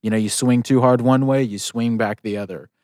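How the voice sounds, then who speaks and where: A man's voice: mid-range voice, steady tone, fairly quick, a little mellow, no echo, studio quality. A man hosting a podcast, talking bluntly and swearing freely in casual chat. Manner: blunt, profane, opinionated. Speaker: podcast host.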